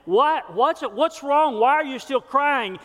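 A man's voice: very high-pitched, expressive, takes it slowly, fairly bright tone, voice pushed up, exaggerated voice. A man voicing a bewildered young man who pleads with his sweetheart in a joke. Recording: long hall reverb.

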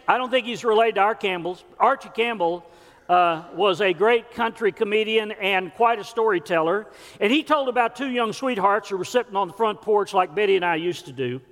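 High-voiced preacher in a reverberant church. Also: male voice, a bit bright. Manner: earnest preaching with folksy storytelling. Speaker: pastor. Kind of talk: sermon. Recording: long church hall reverb.

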